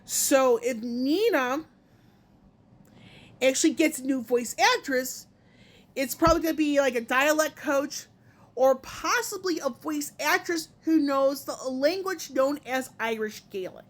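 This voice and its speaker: A woman with a high voice talks through her gaming opinions in a loose, unscripted vlog. She rambles, restarts her sentences and fills pauses with "um" and "like". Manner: rambling, self-correcting, many fillers. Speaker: gaming video host.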